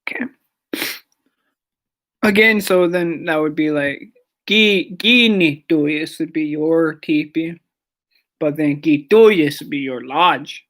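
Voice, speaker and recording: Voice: mid-range voice, takes it slowly, pauses often, a bit bright. A language teacher leading a lesson, saying each word several times and explaining how it is stressed, sometimes dropping to a whisper on a repeat. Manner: explains pronunciation patiently with short asides.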